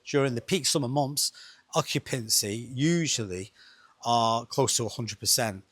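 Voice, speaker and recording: A middle-aged man, chatting quickly and rhetorically as he explains travel costs to viewers. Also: medium pitch, a bit bright, dry recording. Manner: chatty, rhetorical, fast-talking. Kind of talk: casual explainer monologue.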